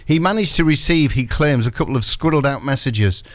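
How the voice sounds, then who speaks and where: A man, presenting a football chat show and telling anecdotes with lively delivery. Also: medium pitch, a little fast, dry recording. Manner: animated storyteller. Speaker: radio presenter. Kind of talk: casual sports banter and anecdote.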